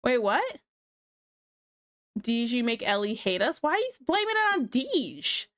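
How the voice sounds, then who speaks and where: A woman's voice: fairly high pitch, measured pace, no echo. Chatty woman streamer, dry sound. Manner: chatty, relaxed, talks to chat while drawing. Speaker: livestreamer drawing on stream. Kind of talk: casual livestream chat.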